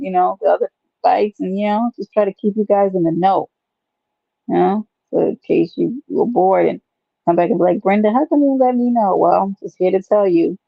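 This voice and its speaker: A woman's voice: on the low side, vocal fry, dry recording, highs cut off. A woman hosting a live stream, rambling and teasing her viewers in a playful, chatty way. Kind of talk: casual live stream chat.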